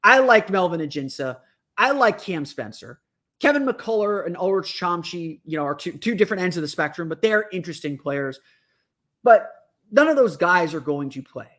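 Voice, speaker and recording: Casting: male podcast host, higher-pitched voice, off-the-cuff analysis full of restarts. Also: animated, normal speed, a bit bright. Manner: thinking aloud, many restarts and fillers.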